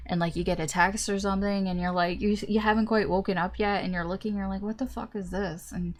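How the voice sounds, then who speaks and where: A woman's voice: medium pitch, level tone, fast talker. A young woman giving a casual tarot reading, chatty and full of fillers, acting out little reactions as she goes. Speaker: tarot reader.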